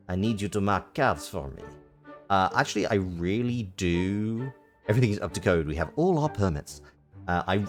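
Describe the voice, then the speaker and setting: Low slow guy streaming a game, mumbling through steps, soft music in the background. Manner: muttering to himself while working through steps. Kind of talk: casual let's-play commentary.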